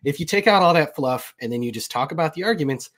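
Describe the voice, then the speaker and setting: A man's voice: fairly high pitch, lively intonation, fast, a bit bright. Guy on a video call panel, blunt, kinda rambly, just says it straight. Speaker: panel guest. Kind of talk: casual panel chat.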